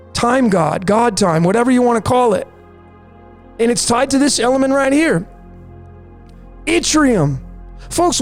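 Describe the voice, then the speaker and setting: A high-voiced numerology channel host insists on number codes, giving conspiracy commentary over slides and repeating "folks" and "there it is." A faint music bed plays behind him.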